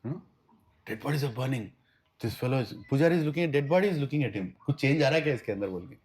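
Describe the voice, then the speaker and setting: A man with an Indian English accent teaching a spiritual class through stories, animated and switching between Hindi and English. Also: medium pitch, rapid-fire. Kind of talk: storytelling class talk.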